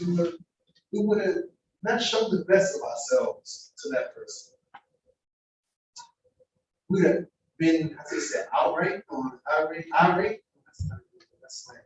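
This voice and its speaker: In a mosque hall, a man delivers an informal sermon, preaching casually with slang and acting out everyday conversations. His animated voice sits high at a normal pace. The lo-fi recording has hall echo, a distant mic and faint noise.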